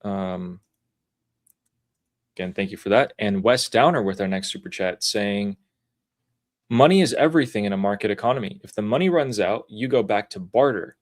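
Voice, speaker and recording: Low-voiced man reading super chats. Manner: relaxed, reads messages aloud with quick asides. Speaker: livestream co-host. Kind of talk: casual livestream chat reading super chats.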